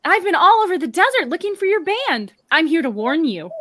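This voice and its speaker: A woman's voice: very high voice, very animated, fairly quick, a bit bright, exaggerated voice. A woman voicing a sly, wordy female fox antihero in a stage play, with fussy, formal phrasing. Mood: prim.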